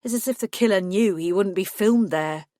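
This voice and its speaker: A woman reading a brisk police colleague. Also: mid-range voice, mellow, no room sound, clean studio sound, close to an everyday voice. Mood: frustrated.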